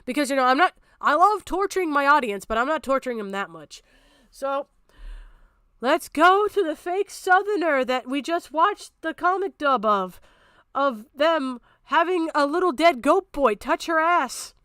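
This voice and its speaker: A woman's voice: high-pitched, expressive, moderate pace, a bit bright, dry recording, clean studio sound. A woman streamer giving blunt, profane commentary on a video, ranting and mocking as she talks.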